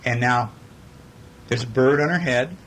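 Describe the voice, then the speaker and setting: A man's voice: medium pitch, a little slow, fairly bright tone. A man reading a bedtime story aloud to a child, playful and sing-song, with chatty asides.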